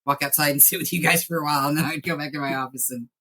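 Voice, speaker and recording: Woman, low voice, TV writer on a podcast, affectionate and laughing. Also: steady tone, rapid-fire, bright, forceful tone. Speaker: TV writer guest. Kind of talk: casual podcast interview.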